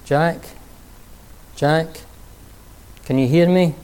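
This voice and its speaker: A man voicing God as a calm, gently wry figure who gives steady instructions. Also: a little high, very slow, clear, resonant tone.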